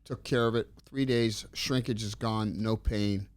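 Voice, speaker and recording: A middle-aged man telling stories in a casual interview, rambling and animated as he acts out the dialogue. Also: on the low side, unhurried, clean tone, dry recording. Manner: rambling, animated storyteller acting out quoted dialogue. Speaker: interview guest.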